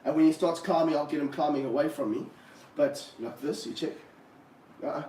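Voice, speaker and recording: A man keeping snakes, talking through a live stream as he handles one, with excited bursts and low muttered asides. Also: fairly quick. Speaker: snake keeper. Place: room of snake enclosures, indoors. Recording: roomy, from a distance, faint background hum.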